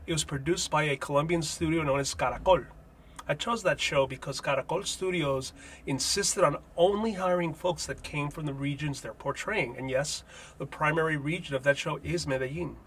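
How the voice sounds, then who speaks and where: A man's voice: a little high, sharp tone, a little hiss or hum. A man, a native Spanish speaker, hosting a comedic language lesson with wry, jokey asides. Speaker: host.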